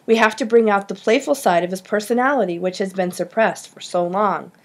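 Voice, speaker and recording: A woman's voice: mid-range voice, fairly quick, close to an everyday voice. A woman reading an audiobook, voicing an earnest, insistent schoolgirl who loves animals.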